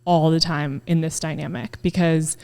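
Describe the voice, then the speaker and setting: A woman's voice: sits low, steady tone, moderate pace, darkish tone, smooth. A woman in her thirties, a podcast guest, talking candidly and emotionally, swearing freely and acting out her own thoughts in quotes. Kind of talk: candid casual chat.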